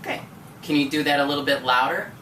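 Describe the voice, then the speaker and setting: A woman's voice: deep voice, fast talker, fairly bright tone. A woman teacher, patient and encouraging, tutoring a student one-on-one with many questions. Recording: echoey room from far off, faint noise.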